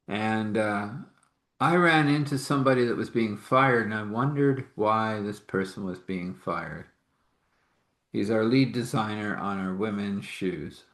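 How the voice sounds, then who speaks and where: A man with a fairly low voice tells a story in a loose, rambling way. He slips into the voices of the people he quotes as he narrates, in a casual spoken style. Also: measured pace, fairly bright tone, roomy sound. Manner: rambling, acts out quoted dialogue. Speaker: faith storyteller.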